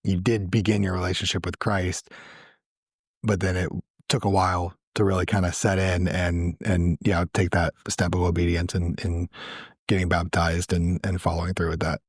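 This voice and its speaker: A man's voice: deep voice, little pitch movement, normal speed, breathy edge, dry recording, clean studio sound. A man hosting a casual church interview, affirming his guest and explaining doctrine with lots of restarts and repeated words. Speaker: church podcast host, interviewer.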